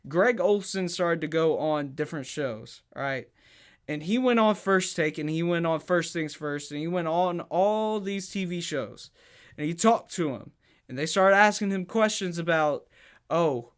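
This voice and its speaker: A man's voice: fairly high pitch, fairly bright tone. A man co-hosting a casual sports podcast, heated and emphatic, often stuttering and restarting his sentences.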